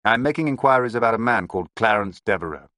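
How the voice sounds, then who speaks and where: A man voicing a composed police inspector asking formal, measured questions. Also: lowish voice, lively intonation, sharp tone, dry recording, studio quality, pitched above the performer's own voice.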